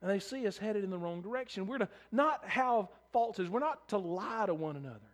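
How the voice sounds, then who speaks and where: A man preaching a sermon as pastor, earnest, often repeating words as he starts a phrase, moving between soft passages and raised, emphatic ones. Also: high voice, expressive, a little fast.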